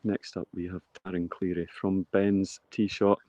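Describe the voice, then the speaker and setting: Guy calling footgolf live outdoors, lowish voice, dry close sound, steady play by play that picks up on good shots. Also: moderate pace, no room sound, muffled recording. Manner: steady descriptive play-by-play, rising on big shots. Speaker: commentator. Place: outdoors on a golf course.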